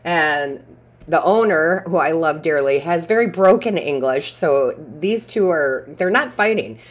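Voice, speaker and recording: A woman with a notably deep, low-pitched voice gives a casual tarot reading. She talks in a rambling, chatty way and often laughs. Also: lively intonation, measured pace. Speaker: tarot reader.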